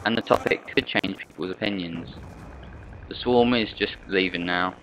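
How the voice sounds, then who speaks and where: Rambling guy with a bright, forceful voice. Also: sits low, moderate pace, a little hiss or hum, poor audio. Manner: rambling, chatty, full of rhetorical questions. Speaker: gaming channel host. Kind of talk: gameplay commentary.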